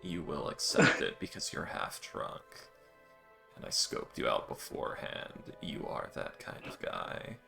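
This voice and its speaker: A man's voice: sits low, huge pitch swings, measured pace, vocal fry, sharp tone, soft background music, exaggerated voice. A man voicing a shameless, squirrely rat-like woman rogue in a tabletop game, bargaining brashly. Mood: brazen.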